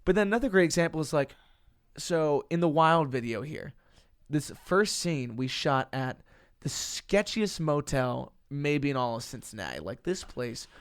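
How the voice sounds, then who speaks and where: A man hosts a casual podcast, spinning stories and acting out what everyone said, laughing as he goes. His voice sits a little high. The recording is dry and close to the mic. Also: normal speed, smooth, no room sound. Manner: animated storyteller, acts out quotes, laughs often. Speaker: podcast host, musician. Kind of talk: casual storytelling chat.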